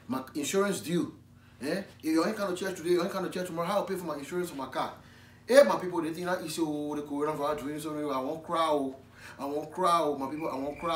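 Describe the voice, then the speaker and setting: A man doing a loud Liberian pastor. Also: a little high, slight background noise, natural voice. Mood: exhorting. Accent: Liberian English. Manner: exclaiming, repetitive, chanting refrains. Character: loud pleading Liberian pastor begging for offerings. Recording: echoey room from a distance.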